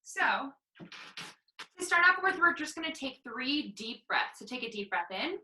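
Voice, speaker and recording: A woman teaching artist guiding a group movement warm-up with upbeat, encouraging instructions. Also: high-pitched, very animated, unhurried, echoey room, far from the mic, slight background noise, rough recording.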